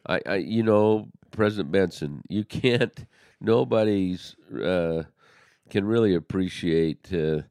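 A man's voice: low voice, dark tone, dry recording, studio quality. A man co-hosting a religious podcast, talking earnestly in a casual discussion and often restarting his sentences. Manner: earnest, halting with many restarts. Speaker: podcast co-host.

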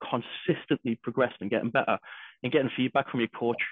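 A man's voice: mid-range voice, fast, no room sound. Man, casual podcast chat, swears a lot, tinny phone-like sound, dry. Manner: heavy swearing, energetic, restarts. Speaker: podcast co-host.

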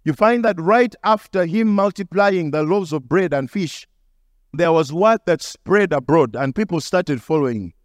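A male pastor delivers a sermon with a fairly high voice. He teaches through stories and now and then acts out the people in them. The sound is dry and close, with hardly any room. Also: expressive, measured pace, no room sound. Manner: storytelling preacher, acts out the people in his stories.

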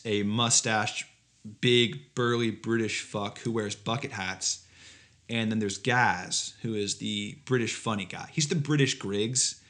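This podcast co-host has a mid-range, slightly bright male voice. He riffs sarcastically on a comedy podcast, swearing and putting on mock outrage in casual, comedic chat.

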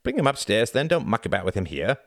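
A man voicing a gruff, practical household cook in an audiobook, blunt and matter-of-fact. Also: on the low side, wildly swooping pitch, quick pace, no echo, clean studio sound, voice pushed up.

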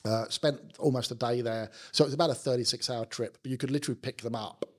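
A man's voice: mid-range voice, steady tone, fast talker. A middle-aged man with a South London accent, talking casually as an interview guest, with plenty of fillers and restarts. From London, England. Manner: chatty, many fillers and restarts. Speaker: company managing director, interview guest.

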